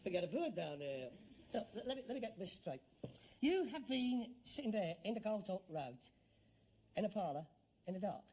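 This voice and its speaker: A man's voice: high-pitched, big pitch swings, normal speed, darkish tone, heavily acted. A middle-aged man with a London Cockney accent, acting a grown son in a sitcom, sarcastic and exasperated. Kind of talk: 1970s British sitcom acting.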